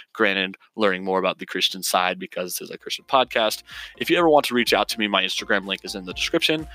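Earnest young man, bright dry voice. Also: fairly low pitch, no echo. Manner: earnest, argumentative, with frequent restarts and stumbles. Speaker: podcast host. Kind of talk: scripted solo podcast monologue.

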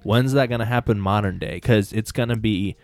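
A man's voice: on the low side, a little fast, dry recording, faint music behind. A man hosting a casual faith podcast, talking earnestly and rambling with many "like" fillers. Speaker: podcast host.

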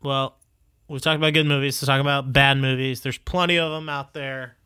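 A man's voice: mid-range voice, steady tone, fairly quick, pushed and bright, clean tone. A man hosting a casual podcast chat, talking sarcastically and dismissively, with lots of filler words. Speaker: podcast host.

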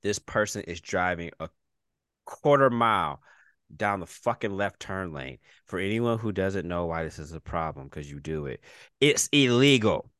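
A man's voice: dry recording, studio quality. A man co-hosting a podcast in casual chat, telling stories expressively and laughing often. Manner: slow, deep and expressive, laughing between lines. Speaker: podcast co-host.

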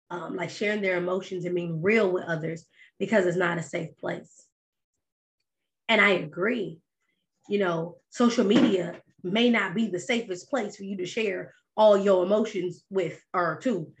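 A woman speaks as the host of a podcast, keeping a loose, conversational flow. She likes to press her points home with lively rhetorical questions. Her voice sits at an ordinary middle pitch. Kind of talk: casual monologue.

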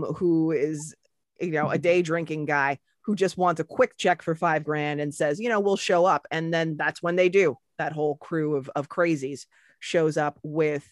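A woman's voice: sits low, dry recording, clean studio sound. A woman co-hosting a podcast, retelling movie scenes in casual, profane chat. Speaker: podcast co-host.

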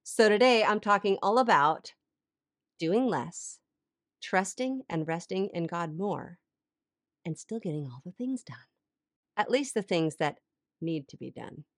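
A woman who hosts a Christian life coaching podcast and tells stories in a chatty, animated way. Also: lowish voice, a little slow, long pauses, dry recording, studio quality. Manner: chatty, animated storytelling with many "like"s. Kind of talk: casual faith podcast monologue.

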